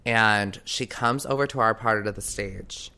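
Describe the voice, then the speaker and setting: A man co-hosting a podcast, telling a story in casual chat with excited, rambling energy and lots of "like". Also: lowish voice, measured pace, clean tone. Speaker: podcast co-host.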